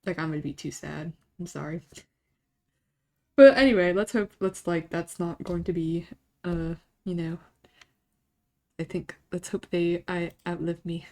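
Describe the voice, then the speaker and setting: A woman's voice: lowish voice, unhurried, pauses often, darkish tone. A woman streamer chatting casually to her live audience, rambling, emotional and often laughing, restarting her thoughts.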